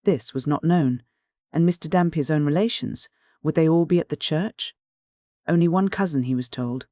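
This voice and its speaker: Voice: mid-range voice, moderate pace, dark tone, no echo. Dry, close audiobook narration. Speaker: audiobook reader. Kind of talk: scripted narration of a classic novel.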